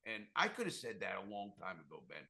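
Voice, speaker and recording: Bright-voiced blunt man, podcast host. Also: on the low side, huge pitch swings, fast talker, creaky. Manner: blunt, swearing, fired-up storyteller. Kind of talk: casual chat.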